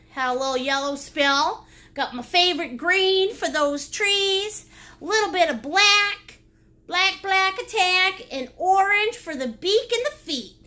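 A woman with a high voice hosts a lively livestream painting class, joking playfully and greeting viewers by name. She's animated, breaking into laughter and silly noises.

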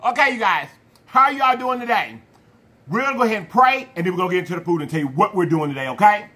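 High, bright-voiced playful vlog host. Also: male voice. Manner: animated, playful, drawn-out hype calls; slang-heavy, addresses viewers as y'all. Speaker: mukbang channel host. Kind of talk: casual vlog talk to viewers.

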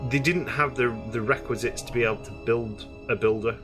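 A man's voice: mid-range voice, brisk, over music. A man giving casual, rambling let's-play commentary on a space game, full of hesitations. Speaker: gaming streamer.

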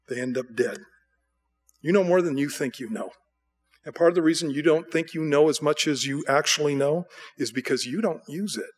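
A middle-aged American man preaching a sermon as pastor, telling stories in an animated way and acting out voices. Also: medium pitch. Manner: animated storytelling, acting out voices with bleats and bursts of excitement.

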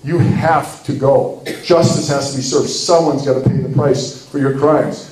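A man voicing a stern but caring male judge who makes firm, measured pronouncements. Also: mid-range voice, steady tone, darkish tone, roomy sound, far from the mic, pitched below the performer's own voice, lightly acted, poor audio. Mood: solemn.

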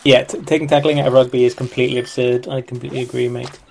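A man's voice: medium pitch, level tone, rapid-fire, vocal fry, slight background noise. A man co-hosting a game stream, chatting loosely and greeting viewers. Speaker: co-host of a gaming stream. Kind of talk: casual let's-play chat.

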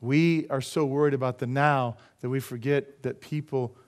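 A man's voice: medium pitch, steady tone, normal speed. A middle-aged man preaching a sermon as pastor, emphatic and full of rhetorical questions to the congregation.

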